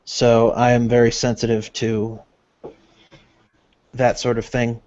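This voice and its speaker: Slow-talking male tabletop player. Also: mid-range voice, monotone, a little mellow. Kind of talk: in-character tabletop play. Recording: dull lo-fi recording.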